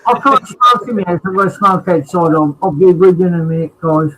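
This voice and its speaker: A guest on a live stream, a man with a high-sitting voice, talks a little fast in casual chat. He rambles, filling his speech with lots of ums and uhs. Crowd noise comes through on a rough recording.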